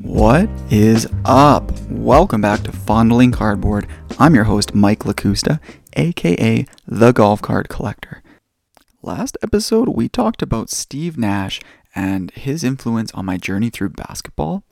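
A man hosting a podcast and telling stories in a relaxed, casual way. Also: lowish voice, unhurried, vocal fry, dry recording, faint music behind. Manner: relaxed storytelling. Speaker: podcast host.

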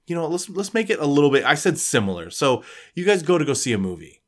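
A man hosting a casual chat, telling a made-up scenario in a joking, lively way. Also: fairly high pitch, fast talker. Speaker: podcast host.

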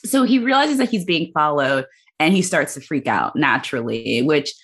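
Woman host, low voice, lively chatty plot recap. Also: moderate pace, breathy edge. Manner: animated, recaps the plot and laughs often. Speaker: podcast host. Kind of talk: casual movie podcast chat.

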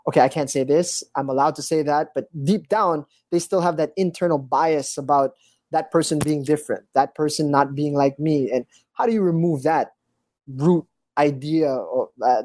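A podcast host in the Philippines asking long questions, halting with frequent restarts. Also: medium pitch, dark tone, no echo. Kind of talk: conversational interview questions.

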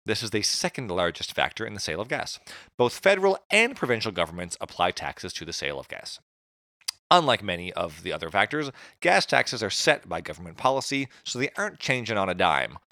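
A man's voice: fairly low pitch, pushed and bright, no room sound, studio quality. A man from Atlantic Canada co-hosting a casual podcast, reading facts from notes with jokey asides. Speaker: podcast co-host.

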